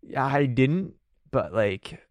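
A man's voice: mid-range voice, expressive, slow pace, no room sound, studio quality. Insistent stammering man at a game table. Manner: insistent, repetitive, stammering restarts. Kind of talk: casual role-play chat.

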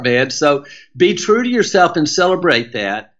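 A man's voice: on the high side, very animated, a little slow, a bit bright. Southern guy, middle-aged, motivational speaker vibe, punchy repeated lines, bit of a dull recording. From American South. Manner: emphatic, preacher-like cadence with repetition. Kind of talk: podcast interview.

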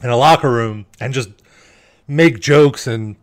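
A man's voice: mid-range voice, a little slow. A man hosting a podcast, mostly adding short agreement and asking long questions. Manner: brief backchannel, longer questions. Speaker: podcast host. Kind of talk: casual interview chat.

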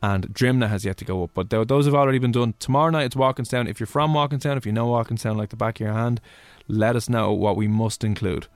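A man's voice: mid-range voice, quick pace, few pauses, no echo. A young Irish man with a Dublin accent, hosting a radio show in casual, jokey, rambling chat. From Ireland. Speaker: radio host.

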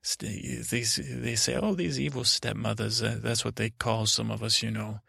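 Man doing a plain-spoken stepmother, bedtime storytelling, gravelly, flat monotone, drowsy. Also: fairly low pitch, moderate pace, dry recording, studio quality, exaggerated voice. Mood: wry. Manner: drowsy, rambling, full of restarts. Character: blunt middle-aged stepmother woman, plain-spoken, rambling.

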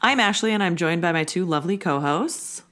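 A woman in her thirties hosts a casual podcast with her friends. Her voice sits low, and she talks in a chatty, playful, rambling way. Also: expressive, fairly quick, fairly bright tone. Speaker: podcast host. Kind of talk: casual chat.

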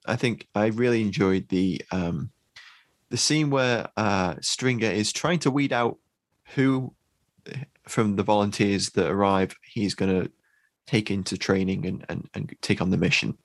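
Brief: British man, podcast co-host, low voice, dry close sound, halting casual delivery. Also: dry recording. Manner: halting, many restarts and ums.

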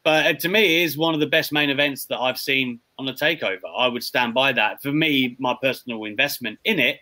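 A man's voice: medium pitch, a little fast, sharp tone. A man hosting a casual wrestling podcast, chatting in a rambling way with frequent restarts. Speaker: podcast host.

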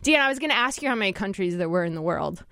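A woman's voice: mid-range voice, lively intonation, racing, a bit bright, no echo, clean studio sound. A woman hosting a radio talk show, upbeat and chatty, laughing often. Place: radio studio.

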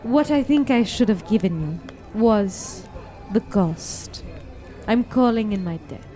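A woman voicing a young woman, a fiancée, speaking softly and intimately, sometimes near a whisper. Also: medium pitch, lively intonation, takes it slowly, soft background music. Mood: tender.

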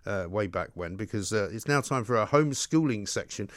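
A man's voice: fairly low pitch, animated, fairly quick, hardly any pauses, a bit bright, dry recording. A man hosting a live radio talk show, chatty and affable, with frequent fillers. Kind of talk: live radio phone-in chat. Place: radio studio.

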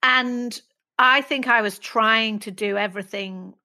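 A woman's voice: fairly high pitch, fairly even intonation, a little slow, pushed and bright. A middle-aged woman from England talking candidly and reflectively in an interview, sometimes laughing at herself. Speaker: guest.

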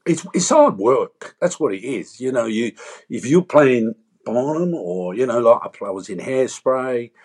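A man's voice: medium pitch, measured pace, slightly rough. A man, an actor chatting as an interview guest and acting out quotes as he tells stories. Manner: animated storyteller, acts out voices and quotes. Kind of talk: casual interview chat.

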